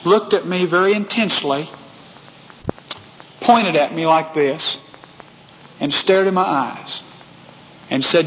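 A man's voice: a little high, takes it slowly, long pauses, fairly bright tone, big-room sound, highs cut off, slight background noise. A man from Texas with a Texan accent, preaching a sermon and telling a personal story in a folksy way that speaks straight to the congregation. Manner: folksy, addresses the congregation directly.

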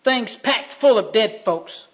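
A man preaching a sermon as a storyteller, swinging between loud emphasis and hushed delivery. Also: high voice, expressive, slow pace. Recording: dull lo-fi recording.

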